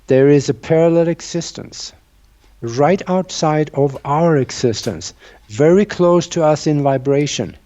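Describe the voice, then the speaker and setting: A man with a mellow, dark voice talks earnestly, walking the listener through his ideas like someone sharing a secret. The sound is dull and lo-fi. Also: fairly high pitch, unhurried. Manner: earnest, explanatory, storytelling. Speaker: guest researcher. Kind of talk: conversational interview.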